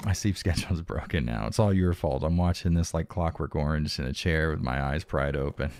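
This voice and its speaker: A man's voice: very deep voice, brisk, vocal fry, a little mellow, no echo, clean studio sound. A man streaming a video game in casual live commentary, frustrated and swearing constantly, sometimes dropping to a whisper. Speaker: livestreamer playing a video game.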